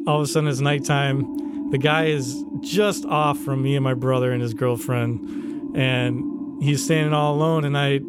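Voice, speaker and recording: A man co-hosting a podcast, telling a wild story in a casual, animated way, laughing and swearing as he goes. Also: medium pitch, unhurried, loud music behind the voice. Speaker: podcast co-host. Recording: loud background ambience.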